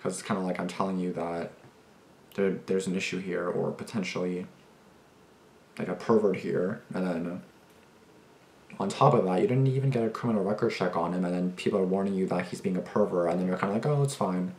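A man's voice: sits low, steady tone, fairly quick, a little mellow, slight background noise. A young man hosting a reaction video, talking casually in a rambling, agitated way with plenty of swearing and restarts. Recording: echoey room.

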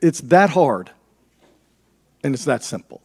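A man's voice: fairly high pitch, very animated, slow, darkish tone, slight background noise. A man on a business panel, telling an anecdote in a plain-spoken way. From United States. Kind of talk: panel discussion.

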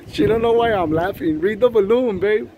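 A man's voice: high voice, moderate pace, lo-fi sound, crowd noise. A man filming a casual vlog on his phone from his truck and an alley, laughing often and teasing as he talks to his viewers. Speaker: vlogger. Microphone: phone camera.

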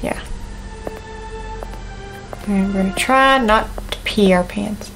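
A woman's voice: mid-range voice, a little slow, long pauses, fairly bright tone, soft background music, low-quality recording. A woman playing a horror game and commenting, talking to herself in a nervous, jumpy, joking way. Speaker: gaming YouTuber.

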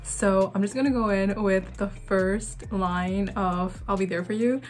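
A woman's voice: mid-range voice, fairly even intonation, measured pace. A young woman vlogging in a chatty, giggly, nervous way as she narrates a text prank. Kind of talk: casual vlog chat.

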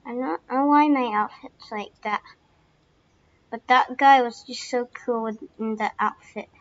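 A young woman casually narrating her game play, excitable and full of fillers, squealing now and then. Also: on the high side, measured pace. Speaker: gaming channel host. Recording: dull lo-fi recording.

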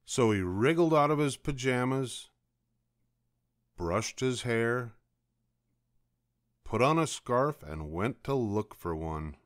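An older man reading a children's picture book aloud as a bedtime story, slow and expressive. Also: medium pitch, no room sound, studio quality.

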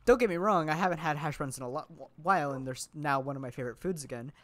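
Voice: medium pitch, fast talker, a bit bright. Giggly rambling gameplay commentator. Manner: playful, rambling, giggly, self-mocking, chats to viewers.

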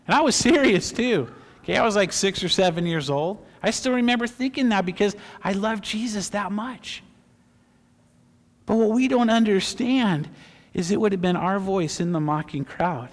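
Impassioned high-voiced male pastor, church reverb. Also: normal speed. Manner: impassioned, swinging from loud fervor to hushed emotion. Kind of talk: sermon. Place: church sanctuary. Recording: long reverb of a church hall.

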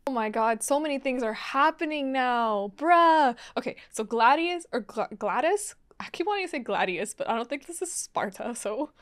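A woman's voice: high voice, lively intonation, moderate pace, hardly any pauses, a bit bright. A woman hosting live anime reaction commentary, exclaiming, gasping and laughing as she gets emotionally invested.

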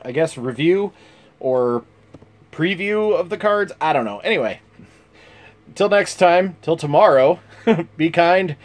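A man hosting a casual card game review, reading cards in an amused, chuckling, unhurried way. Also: on the high side, lively intonation. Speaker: channel host.

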